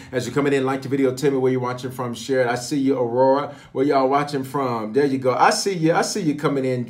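Pastor, man, livestream prayer host, lively call-and-response delivery. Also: medium pitch. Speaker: pastor leading online prayer.

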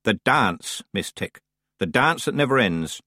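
A man voicing a stern, sharp old woman witch with a dry, firm and clipped manner. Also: mid-range voice, expressive, a little slow, no room sound. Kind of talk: audiobook character voice.

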